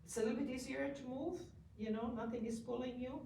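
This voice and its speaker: A woman's voice: high-pitched, fairly even intonation, quick pace, creaky. A woman coaching a student at the piano, guiding him step by step and repeating short words of praise. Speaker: piano teacher. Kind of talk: hands-on music coaching. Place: room with a piano. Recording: roomy, distant mic, loud piano.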